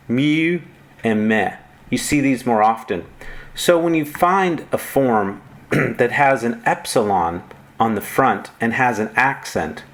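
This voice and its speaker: A man teaching Greek grammar in a recorded lecture, methodical and reciting word forms one at a time. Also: medium pitch.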